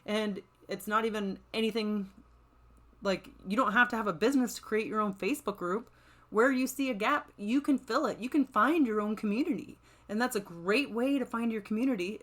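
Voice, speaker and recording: A woman's voice: fairly high pitch, pushed and bright. Chatty, encouraging woman podcast host. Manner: upbeat, encouraging, chatty with frequent "right?" and "like". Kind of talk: motivational solo podcast talk.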